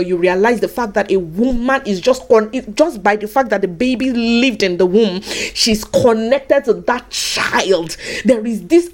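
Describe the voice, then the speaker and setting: A woman preaching a sermon in an animated way, swinging from soft asides to high cries and acting out the voices in her stories. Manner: acts out quoted voices in her teaching.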